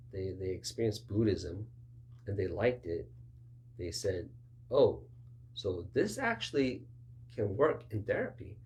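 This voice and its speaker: A man preaching in a conversational sermon style, acting out little back-and-forth dialogues in a raised voice. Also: mellow. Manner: conversational, acts out both sides of dialogues with raised pitch. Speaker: pastor.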